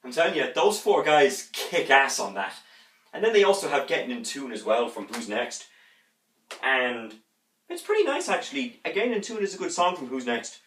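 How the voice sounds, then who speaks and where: A man's voice: mid-range voice, big pitch swings, normal speed, fairly bright tone. A man giving a rambling, enthusiastic music review during an unboxing, humming instrument parts along the way. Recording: roomy echo, distant from the mic.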